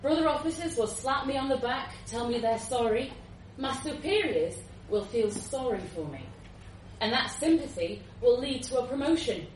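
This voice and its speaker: A woman's voice: high voice, expressive, moderate pace, slight background noise, voice pushed up. A woman voicing a bored, cynical male policeman, laconic and world-weary. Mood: smug. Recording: roomy, distant live recording.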